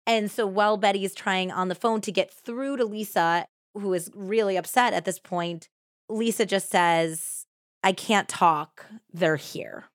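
A woman hosting a podcast, telling a true crime story in a conversational way and acting out quotes with lively shifts in tone. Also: medium pitch, moderate pace, no echo, studio quality. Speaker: podcast host.

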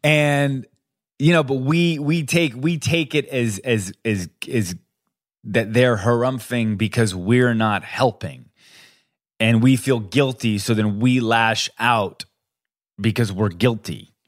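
A man co-hosting a podcast in relaxed, profane talk. He is animated and climbs sharply in pitch when he acts out what someone said. His usual voice sits at a middle pitch. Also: takes it slowly. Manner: animated, swears, jumps to high pitch when quoting. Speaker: podcast co-host. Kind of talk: casual chat.

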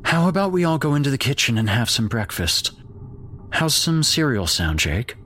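A man voicing a frightened mother who is frantic with terror yet tender toward her young son, in a shaky, high-pitched, pleading way. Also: very animated, a little slow, slight background noise. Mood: soothing. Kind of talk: horror audio drama narration.

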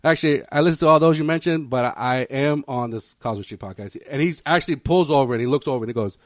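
A man telling a story quickly on a podcast, tumbling through repeated words as he acts out what others said. His voice sits in the middle range and is close to a dry, dead-sounding studio mic. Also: medium pitch, no echo. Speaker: podcast co-host. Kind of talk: casual storytelling chat.

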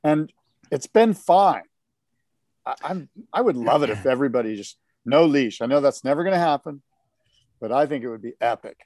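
A man co-hosting a podcast, chatting casually about surfing in an animated, rambling way with many fillers. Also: mid-range voice, normal speed, no echo, studio quality. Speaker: podcast co-host. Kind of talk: casual surf talk chat.

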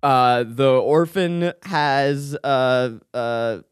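A man co-hosting a casual podcast chat, animated and jokey, running through film lists with a laugh. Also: medium pitch, extremely slow, smooth, no echo, clean studio sound. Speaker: podcast co-host.

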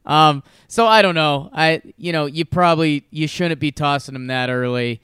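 An easygoing man in casual sports talk, with a smooth, resonant and slightly high voice. The sound is dry and close. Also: moderate pace, a bit bright, no echo. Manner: easygoing, many fillers and short agreements. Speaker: podcast co-host.

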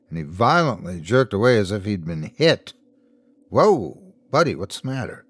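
A man's voice: lowish voice, no room sound. Man narrating a horror story. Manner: measured storytelling, voicing characters lightly within the narration. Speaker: host and narrator.

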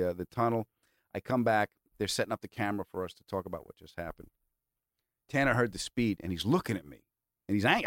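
A man hosting a podcast, telling a long story in an animated, rambling way and swearing freely. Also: medium pitch, no echo, studio quality. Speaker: podcast host. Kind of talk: casual storytelling chat.

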